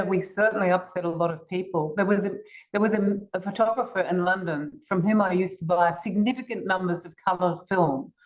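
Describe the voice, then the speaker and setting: An older Australian woman appears as a guest on a podcast interview, telling stories with assurance and occasionally restarting. Her voice is medium-pitched, and the recording is rough.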